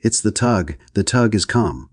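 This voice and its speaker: A man reading an audiobook, voicing a shrill, fretful middle-aged society hostess. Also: animated, moderate pace, darkish tone, husky, no room sound, clean studio sound.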